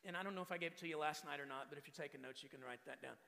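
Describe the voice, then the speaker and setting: A man's voice: on the high side, rapid-fire, creaky, bright, forceful tone. A man in his forties preaching a sermon as pastor, emphatic and full of rhetorical questions to the congregation. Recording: long reverb of a large hall.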